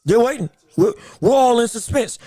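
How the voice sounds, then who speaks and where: Male livestream host with a very high, dry, close-miked voice. Excitable fight commentator who repeats himself and shouts at big moments. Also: moderate pace, no room sound. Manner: greets viewers from the live chat. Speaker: podcast host reacting to a boxing decision on a livestream. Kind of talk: live fight commentary and chat.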